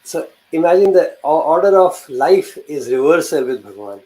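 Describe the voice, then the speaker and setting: Mellow man explaining devotion. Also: fairly high pitch, very animated, normal speed, low-quality recording. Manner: reflective, explanatory, reads scripture aloud. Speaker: host. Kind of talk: devotional discussion talk.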